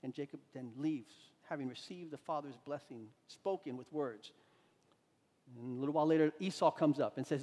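Guy preaching, pretty high voice, lots of stop and restart, long echo tail. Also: normal speed, mellow. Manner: conversational storytelling with frequent restarts. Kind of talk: sermon.

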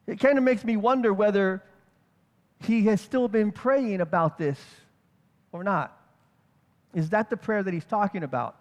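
Speaking unhurriedly and pausing often, a high-voiced man teaches the Bible in a loose, conversational way. The hall around him echoes with long reverb, and he works through ideas aloud, restarting and tossing out rhetorical "right?" check-ins.

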